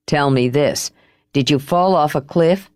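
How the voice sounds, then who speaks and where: A woman voicing a wry, teasing young man in an audiobook, with her voice lowered and a dry, amused delivery. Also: unhurried, a little mellow, no room sound.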